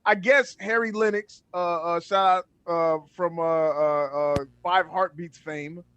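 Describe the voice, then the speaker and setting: A man with a fairly high voice co-hosts a podcast in loose, profane chat about a movie. He keeps tossing in "man" and restarts his sentences as he gets worked up. The sound is dry, with no room around it. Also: fairly even intonation, a little slow, a bit bright, clear, resonant tone, no room sound. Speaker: podcast co-host. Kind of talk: casual film review chat.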